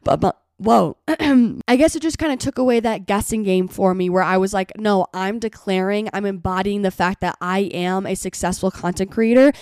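A woman hosting her podcast in casual, chatty talk, her voice a little hoarse from being sick, with lots of "like" fillers. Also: medium pitch, moderate pace, hardly any pauses, darkish tone, dry recording, clean studio sound. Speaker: podcast host.

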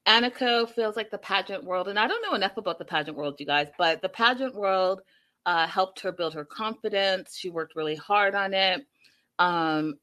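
A woman in her thirties chatting casually to her viewers as she recaps a reality show, animated and talking straight to them. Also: medium pitch.

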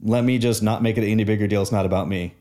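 Guy with a lowish voice telling a story on a podcast, earnest and reflective. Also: fairly even intonation, fast, warm tone. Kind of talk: casual conversation.

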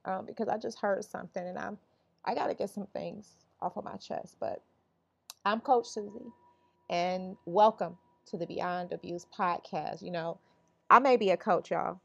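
A woman's voice: fairly low pitch, fairly even intonation, normal speed, creaky, husky, dry recording, dull audio. A woman hosting a podcast as a life coach, talking in an emotional, casual and confiding way.

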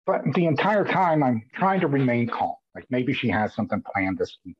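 A man's voice: mid-range voice, sing-song, normal speed. A man guest on a podcast, candidly and emotionally retelling events with many restarts. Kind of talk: candid conversational storytelling. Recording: dull lo-fi audio.

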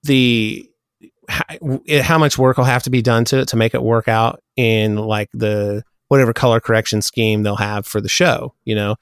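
Smooth low-voiced rambling podcast man. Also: steady tone, normal speed, no echo, clean studio sound. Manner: rambling, hesitant, friendly. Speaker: podcast co-host. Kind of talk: casual chat.

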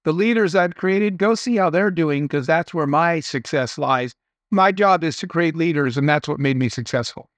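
A man's voice: on the high side, normal speed, no room sound. A middle-aged man, a guest entrepreneur, telling earnest anecdotes and motivational advice in a conversational interview.

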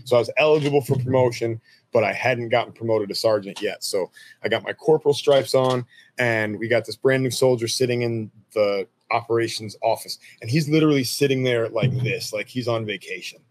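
This is a man in his thirties with an ordinary mid-range voice. He tells old army stories in a loose, unhurried way, cursing freely and laughing at his own memories. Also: mid-range voice, a little hiss or hum. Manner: laid-back, profane, laughs while telling stories. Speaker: army veteran guest. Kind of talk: casual storytelling interview.

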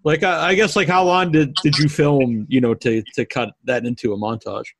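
A man's voice: mid-range voice, steady tone, moderate pace, no echo. A man hosting a podcast interview who asks his questions with hesitant restarts. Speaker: podcast host. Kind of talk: casual interview chat.

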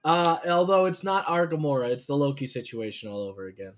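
A man co-hosting a podcast, chatting excitably and rambling, swearing freely as he tells stories. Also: fairly high pitch, fast. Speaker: podcast co-host. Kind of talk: casual chat.

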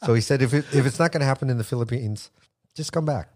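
A middle-aged American man, a musician guest on a podcast, telling relaxed stories and laughing often. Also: mid-range voice, quick pace. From United States. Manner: relaxed storyteller, laughs often, swears casually. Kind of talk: casual chat.

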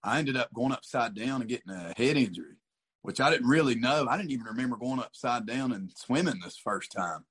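A man's voice: medium pitch, lively intonation, brisk, fairly bright tone, slightly rough. A man as a guest in a casual chat, easygoing, swearing and calling people dude and buddy.

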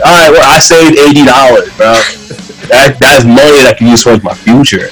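A man co-hosting a casual podcast chat, riffing loosely and swearing freely, with bursts of excitement. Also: medium pitch, fairly quick, music in the background, rough recording. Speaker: podcast co-host.

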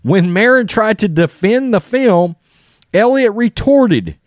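A man's voice: sits high, sing-song, slow pace, no echo, clean studio sound. A man giving blunt, profane, opinionated commentary on the news to his viewers.

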